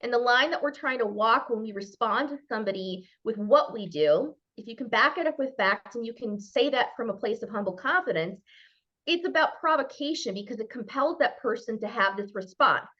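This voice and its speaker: A woman from Minnesota with a Minnesota accent, giving an animated talk as a guest speaker on a video call and acting out little dialogues playfully. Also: fairly high pitch, fairly quick. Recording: muffled video call audio.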